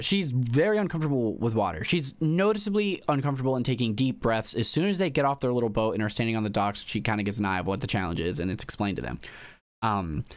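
A man hosting a casual recap, talking emphatically with many fillers and restarts. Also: medium pitch. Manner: animated, emphatic, with frequent fillers. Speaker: reaction channel host.

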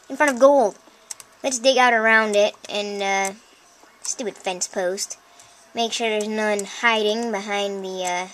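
A woman commenting on her own video game play, chatty and easily excited, often breaking into exclamations and talking straight to her viewers. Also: medium pitch, normal speed. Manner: chatty, addresses viewers directly. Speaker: let's play host. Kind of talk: gameplay commentary.

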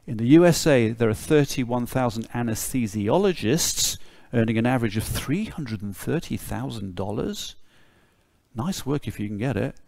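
Gravelly British man giving a wry lecture. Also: mid-range voice, darkish tone, no echo. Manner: wry, sardonic humour; blunt, mildly swearing asides. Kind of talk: conference lecture.

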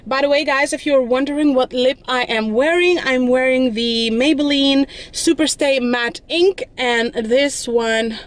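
A woman's voice: high-pitched, unhurried, hardly any pauses. A woman chatting casually to camera as a beauty vlogger, informal and talkative. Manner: chatty, informal, addresses viewers as guys.

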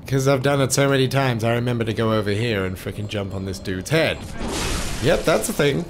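A man doing let's play commentary on a game. He cusses at enemies and swings between loud outbursts and low muttering. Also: a little fast, a little hiss or hum. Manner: swears and curses at enemies. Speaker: gameplay commentator.

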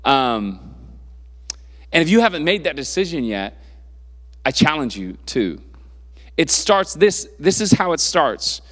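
A man's voice: on the high side, sing-song, measured pace, long pauses, a bit bright, big-room sound. A young man preaching to a youth group in a casual, conversational way, full of fillers and restarts. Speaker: youth pastor. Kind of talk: youth sermon.

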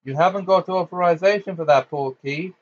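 A man doing a panicky blustering minister, high-ish and loud, gasping, from a muffled home mic. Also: brisk. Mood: flustered. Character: flustered blustering middle-aged male minister.

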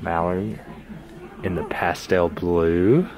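A man's voice: deep voice, steady tone, slow, darkish tone, faint music behind. A man talking in an upbeat, joking way on a casual family vlog, recorded on a handheld phone. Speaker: husband and father. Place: car and hospital.

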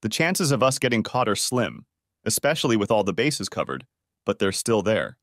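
A male narrator voicing a scheming married woman who talks in a cutting, mocking way, raised higher than his own voice. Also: big pitch swings, normal speed, fairly bright tone, dry recording, studio quality. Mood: defiant.

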